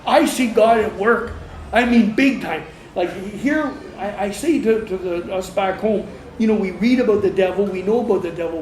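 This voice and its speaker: An earnest male missionary talks with emphasis, doubling his words to drive a point home. His voice is mellow and soft-edged, recorded in an echoey room with a faint hum behind. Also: sits high, moderate pace. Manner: earnest, emphatic, repeats himself for stress. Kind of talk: interview.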